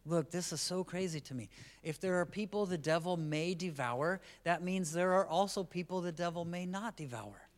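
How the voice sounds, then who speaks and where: A man preaching a sermon as the pastor at a church service, in a conversational style that swings between quiet asides and loud, emphatic lines. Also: sits high, normal speed.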